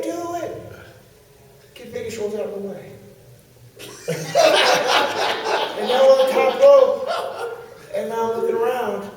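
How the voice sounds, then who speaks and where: Man telling a lively story in an echoey hall. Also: very high-pitched. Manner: lively, laughing as he tells the story. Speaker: pro wrestler guest. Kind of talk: animated storytelling. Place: large convention hall. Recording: echoey hall picked up from far off.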